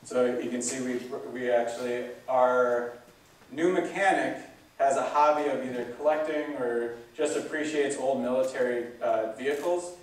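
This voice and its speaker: Man, casual presentation, flat even delivery, lots of ums, echoey hall, distant mic. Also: mid-range voice, moderate pace. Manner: relaxed, chatty, with many fillers. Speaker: zoo staff speaker. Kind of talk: casual public talk. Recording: roomy hall sound from a distance.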